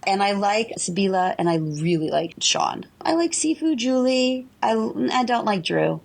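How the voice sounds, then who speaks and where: A woman's voice: medium pitch, expressive, moderate pace, vocal fry. A woman from Maine calling in to a fan podcast with a chatty, opinionated review, exclaiming and laughing as she goes. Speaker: caller. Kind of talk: recorded voicemail fan review.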